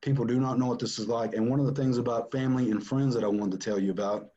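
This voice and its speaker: A man's voice: medium pitch, fairly even intonation, quick pace, warm tone, highs cut off. A man giving an earnest, emphatic personal account as a father. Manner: earnest, emphatic, repeats for stress. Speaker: father telling his family story. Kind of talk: personal testimony.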